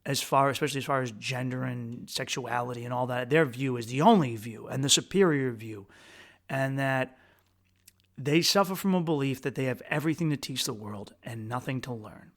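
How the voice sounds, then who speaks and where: A man from the United States hosting a podcast, telling a travel story in a rambling, crude, self-mocking way with quick restarts. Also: medium pitch. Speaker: podcast host. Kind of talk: casual storytelling monologue.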